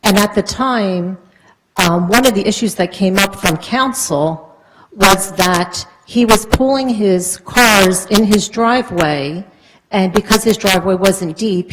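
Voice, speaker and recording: A town resident, a woman with a mid-range voice, takes her turn at public comment during a council meeting. She talks in an unhurried, earnest way, going on at length with many fillers, and background noise is audible.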